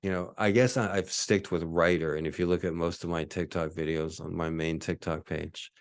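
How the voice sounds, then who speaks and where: Man, podcast host, deep low voice, rambling, profane, dry close sound. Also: little pitch movement, normal speed, no room sound. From Hawaii. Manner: rambling, profane, with many fillers and restarts. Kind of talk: casual solo podcast monologue. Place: apartment.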